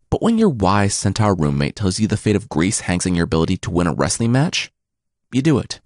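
A man narrating myths for a podcast with wry, deadpan asides. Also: deep voice, gravelly, no room sound, studio quality. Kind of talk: comic mythology storytelling.

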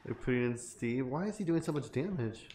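Brief: mid-pitched guy, grumbly gamer chat, echoey room. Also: expressive, fairly quick, a little mellow, slight background noise. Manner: complaining, hesitant with fillers. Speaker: co-player. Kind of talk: casual gaming chat.

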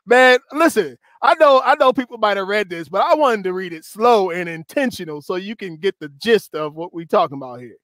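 A man hosting a casual talk show with a notably high-pitched voice. He is lively and laughs often, and stretches quoted phrases slowly for effect. The sound is close and dry. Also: no echo. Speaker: host. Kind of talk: casual discussion chat.

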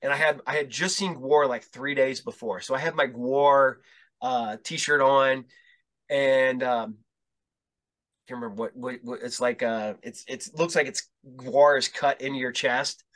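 A man's voice: medium pitch, steady tone, unhurried, a bit bright. A male podcast host telling rambling, profane stories in casual chat, acting out the dialogue as he goes.

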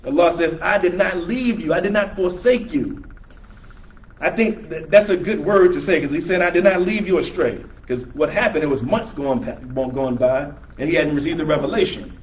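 Male religious teacher, conversational explainer, slightly high voice, muffled lo-fi room recording. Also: normal speed. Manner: conversational, rephrasing verses in plain words. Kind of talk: explanatory Quran class. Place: room with a small audience, filmed by camera.

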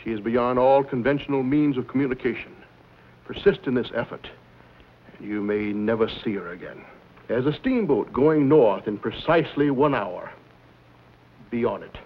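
A man's voice: mid-range voice, lively intonation, normal speed, lightly acted. Male actor as a suave, mocking gang boss, old TV western, muffled sound. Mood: silky menace. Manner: silky, mocking, theatrical. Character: suave menacing male villain, smooth-talking gang boss. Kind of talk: 1950s TV western acting. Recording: dull lo-fi 1950s TV soundtrack.

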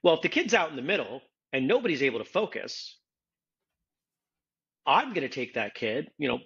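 A man's voice: a little high, big pitch swings, normal speed, gravelly, a bit bright, slightly rough, lo-fi sound. A man hosting a casual podcast discussion, explaining his points earnestly and step by step. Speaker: podcast host, martial arts instructor.

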